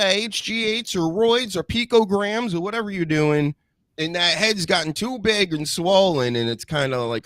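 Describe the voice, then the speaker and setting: A man's voice: high-pitched, a bit bright, no room sound, studio quality. Blunt, profane podcast host man. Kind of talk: casual live-stream commentary.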